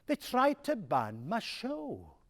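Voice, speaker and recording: An actor playing an older Scottish music-hall star in a stage monologue, telling stories with a chuckling, self-mocking manner. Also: male voice, high voice, wildly swooping pitch, slow, full character voice. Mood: jovial boasting. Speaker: music-hall performer in a one-man stage show. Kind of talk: theatrical monologue.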